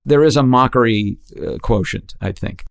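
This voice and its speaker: A man chatting as a guest, his voice carrying a light gravelly fry. He tells his stories with animated energy and slips into quick quoted voices now and then. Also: mid-range voice. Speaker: guest impressionist and actor. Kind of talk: casual interview storytelling.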